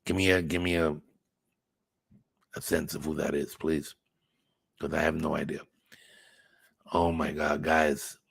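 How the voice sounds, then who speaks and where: A man's voice: very deep voice, little pitch movement, measured pace, gravelly, pauses often, husky, dry recording. A man hosting a casual livestream, chatting with viewers in a rambling way, swearing now and then and thinking aloud. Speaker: channel host reading live chat.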